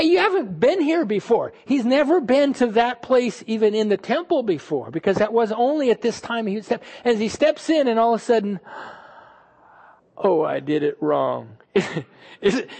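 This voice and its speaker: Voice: mid-range voice, darkish tone. Conversational preacher telling a scripture story. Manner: storytelling, acting out quoted thoughts; conversational, asks the audience questions. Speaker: pastor. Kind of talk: sermon.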